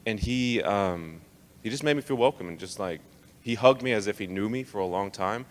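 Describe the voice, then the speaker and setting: A man's voice: fairly low pitch, moderate pace. A young man from Texas telling his life story to an audience in a casual, joking way. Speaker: speaker. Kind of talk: personal testimony talk. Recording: long hall reverb.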